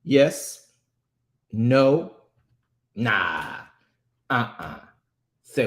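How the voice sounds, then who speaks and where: A man's voice: fairly high pitch, big pitch swings. Emphatic preacher man. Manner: emphatic, drawn-out words for stress, quotes voices. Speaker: host and minister. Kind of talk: preaching talk show.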